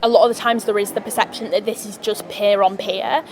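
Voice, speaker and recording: A woman's voice: mid-range voice, fairly even intonation, fairly quick, a little hiss or hum, poor audio. A woman speaking as a student campaigner in an interview, earnest and articulate.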